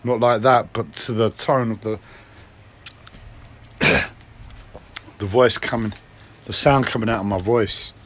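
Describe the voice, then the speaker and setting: A man speaking alone on a personal livestream vlog. He rambles, criticises himself, swears often, and keeps clearing his throat and coughing. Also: fairly low pitch, steady tone, takes it slowly, pauses often, a bit bright.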